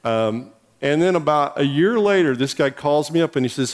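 In a reverberant hall, a middle-aged man preaching as pastor spins a hunting tale in a folksy, animated manner. Excitement lifts his pitch and volume, while he holds a moderate pace and barely pauses.

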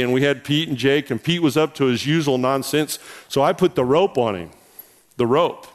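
A middle-aged man, a pastor, preaching a sermon and telling a hunting story in a folksy, animated way that rises in pitch and volume when he gets excited. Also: clean tone. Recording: reverberant hall.

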